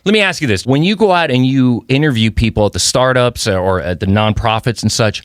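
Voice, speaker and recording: A man's voice: medium pitch, fairly quick, clear, resonant tone, no echo, clean studio sound. A man hosting a podcast, chatting casually and firing off curious, eager questions at his guest. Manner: animated and curious, asks many questions. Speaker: podcast host. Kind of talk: casual interview chat.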